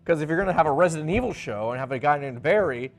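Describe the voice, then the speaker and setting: A man's voice: fairly high pitch, lively intonation, racing. A man co-hosting a casual review chat, chatty and playing out characters' lines while recapping. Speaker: podcast co-host.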